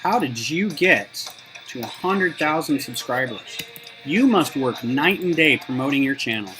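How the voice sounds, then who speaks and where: A man's voice: medium pitch, lively intonation, measured pace, poor audio. Chatty man streaming over music. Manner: rambling, chatty, talks to viewers while building. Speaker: Lego designer live-streaming. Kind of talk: casual live stream chat. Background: background music.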